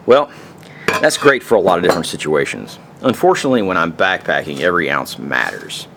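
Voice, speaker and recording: A man's voice: low voice, sing-song, a little fast, gravelly, a bit bright, a little hiss or hum. A man casually demonstrating camping gear, rambling in profane, folksy slang. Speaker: outdoor gear reviewer.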